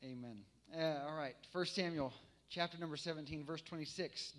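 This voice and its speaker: A man's voice: on the high side, normal speed, a bit bright. A man who leads worship, preaching a sermon in a conversational storytelling way, with many fillers and restarts, building to emphatic preaching. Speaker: worship leader and guest preacher.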